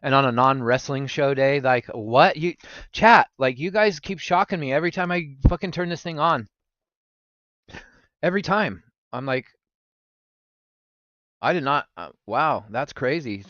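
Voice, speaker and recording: Animated swearing male streamer. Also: medium pitch, measured pace, long pauses, no echo, lo-fi sound. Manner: animated, swearing, talks to chat. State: recovering from gallstones. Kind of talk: casual live-stream chat.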